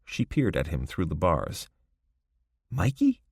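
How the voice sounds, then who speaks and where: A man narrating a crime novel audiobook in a measured, scripted style. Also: deep voice, animated, vocal fry, darkish tone, dry recording, clean studio sound.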